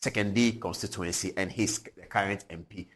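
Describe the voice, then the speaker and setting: A man in his forties with a Ghanaian English accent, hosting a TV show, telling stories with animated energy and frequent chuckles. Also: low-pitched, normal speed, breathy edge. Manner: animated, chuckling, swings from loud to hushed. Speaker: TV show host. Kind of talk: lively commentary and storytelling. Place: TV studio.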